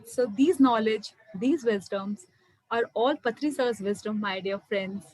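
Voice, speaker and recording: A woman's voice: on the high side, a little slow, darkish tone, rough recording. A young woman giving an earnest spiritual talk on meditation, often calling her listeners "my dear friends". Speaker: meditation speaker. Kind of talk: spiritual talk to an online audience.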